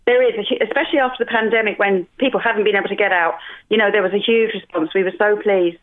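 A woman's voice: mid-range voice, fairly even intonation, fast. A woman with an English accent, speaking as a guest on a radio show by phone, chatty and friendly. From England. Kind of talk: phone-in interview. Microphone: telephone. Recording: tinny phone line.

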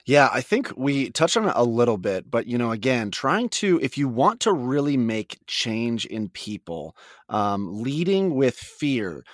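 A man's voice: mid-range voice, sing-song, unhurried, dry recording, studio quality. A man co-hosting a casual faith podcast, talking in a reflective, searching way. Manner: reflective, lots of fillers and restarts. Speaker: podcast co-host.

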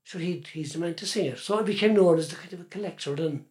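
A man's voice: on the high side, fast talker, darkish tone. An older man from Cork with a Cork Irish accent, a folk singer and columnist chatting in an interview, rambling and restarting his words often. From Cork, Ireland. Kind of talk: casual interview chat.

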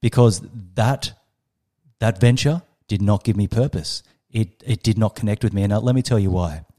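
Australian man in his 30s, guest storyteller; low, mellow voice, emphatic delivery. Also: normal speed. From Western Australia. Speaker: guest, startup coach. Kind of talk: storytelling in a podcast interview.

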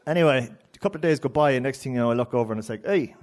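An Irish man telling a story live on stage, in an animated, rambling way. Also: mid-range voice, rapid-fire. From Ireland. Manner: rambling and animated, with frequent restarts and laughs.

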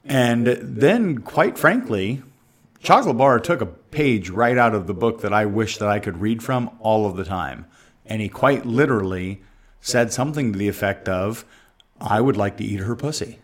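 A man's voice: on the low side, expressive, normal speed. A man co-hosting a casual chat and plainly retelling a story.

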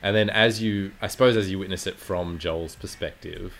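Deep voiced guy musing about a movie, slow to get there, lots of ums. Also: gravelly, fairly bright tone. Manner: thoughtful, hesitant, reflective. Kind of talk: casual chat about a film.

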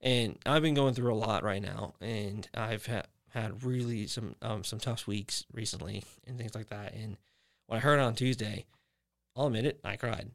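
A man's voice: fairly low pitch, moderate pace, gravelly. A young man hosting a podcast, talking about his faith in a rambling way, full of fillers and restarts. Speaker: podcast host. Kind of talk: casual faith chat.

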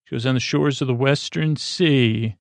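A man recapping an episode in a slow, meandering sleep-podcast style, full of fillers and restarts. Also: medium pitch, creaky, no room sound. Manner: meandering, filler-heavy, halting retelling. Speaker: podcast host.

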